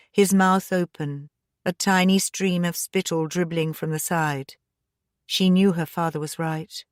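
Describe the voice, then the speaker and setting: Steady woman narrating a mystery audiobook. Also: lowish voice, dry recording, studio quality. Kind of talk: scripted narration.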